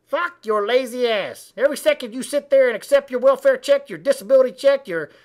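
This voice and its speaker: A man voicing a foul-mouthed, indignant male frog who delivers a comic political rant with profane, shouted tirades. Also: very high voice, a little fast. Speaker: web comedy ranter.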